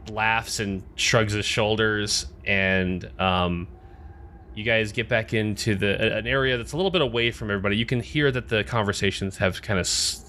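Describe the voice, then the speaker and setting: A man's voice: fairly low pitch, bright, forceful tone, a little hiss or hum. A man narrating as game master in a loose, casual way with many fillers.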